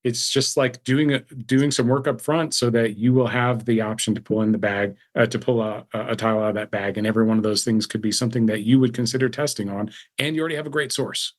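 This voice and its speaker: Male coach guest, mid-pitched, earnest explainer who paints pictures in casual chat. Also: steady tone, fast talker, few pauses.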